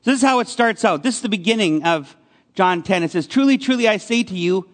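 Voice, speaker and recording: High-voiced man preaching in a hall. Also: expressive, fast talker. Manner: conversational, asks the congregation questions. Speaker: pastor. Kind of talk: sermon.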